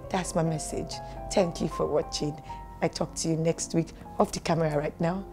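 A woman's voice: deep voice, steady tone, moderate pace, dark tone, soft background music. A woman with a Nigerian accent giving a sassy, mock-preachy comedic rant to her vlog audience. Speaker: vlogger.

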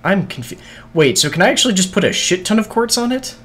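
A man's voice: high-pitched, big pitch swings, fast talker, a bit bright. A man streaming a video game, muttering to himself in casual, scattered chatter with frequent swearing and hiccups.

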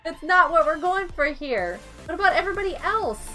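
A woman live streaming a game, excitable and giggly, chatting with her viewers. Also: very high-pitched, brisk, faint music behind. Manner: excitable, giggly, talks to chat. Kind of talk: casual gaming live stream chat.

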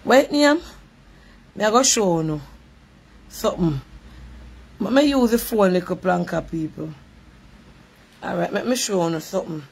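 A woman with a Jamaican accent telling a lively story in patois on her live stream. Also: fairly low pitch, a little slow, long pauses, slightly rough. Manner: animated, repetitive patois storytelling.

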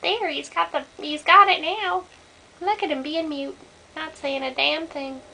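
A woman's voice: high-pitched, fairly even intonation, unhurried, creaky, sharp tone. A woman improvising comic dubbing, sarcastic, crude and exasperated. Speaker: comic dubber.

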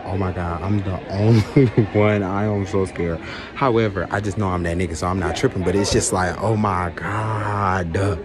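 A young man, talking casually to his viewers in a vlog from a car, excitable and swearing freely. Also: low voice. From Michigan. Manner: chatty, excitable, keeps addressing viewers as y'all, swears freely. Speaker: vlogger and stylist.

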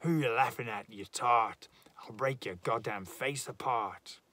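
A man's voice: mid-range voice, a little slow, a bit bright, no echo, natural voice. A man voicing a snarling, hot-tempered brawler. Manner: snarling, threatening.

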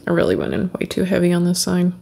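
A chatty, upbeat woman guides viewers through a makeup look step by step, friendly and casual like a beauty vlogger talking to her regulars. Her voice is fairly low, gravelly and mellow, sing-song and fast.

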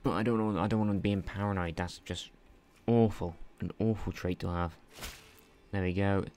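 A young man casually commentating his strategy game as he plays, chatty and self-mocking, thinking out loud, at a desk mic at home. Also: deep voice, steady tone, moderate pace. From not Irish. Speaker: gaming channel host. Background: faint game music and keyboard typing.

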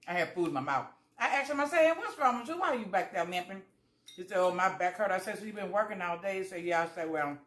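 A woman's voice: mid-range voice, a bit bright, roomy sound. A woman chatting casually to viewers while eating, telling folksy stories and acting out both sides of conversations. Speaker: vlogger. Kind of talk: casual eating vlog chat.

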